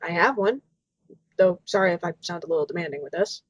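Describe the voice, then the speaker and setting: A woman with a lowish, fairly quick voice co-hosts a casual Q&A chat and reads out reader questions in a giggly, bubbly way. She's an illustrator, and the dry home-mic recording sounds dull.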